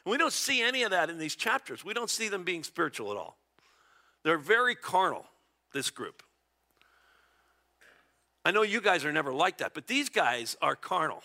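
A man's voice: high-pitched, very animated, normal speed, long pauses, sharp tone. A middle-aged man preaching a conversational Bible-teaching sermon, chuckling often and acting out small dialogues. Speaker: pastor.

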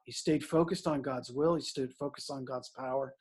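A middle-aged male priest delivers a conversational sermon, frequently checking in with "right?" and leaning hard on scripture. His voice sits at medium pitch with a darkish, slightly rough tone, and he talks fairly quickly with few pauses.

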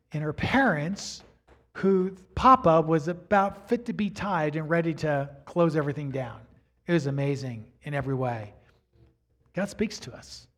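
A man's voice: on the high side, moderate pace. A middle-aged man preaching a sermon as a pastor, telling stories in a chatty way and acting out the dialogue. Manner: animated storyteller acting out dialogue; chatty, asks "right?" and "you know". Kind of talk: storytelling sermon.

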